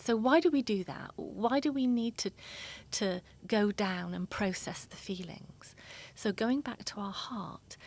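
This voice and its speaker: A woman therapist speaking in an interview, explaining emotions in a soft, earnest way. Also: mid-range voice, breathy edge. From England. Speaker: therapist guest.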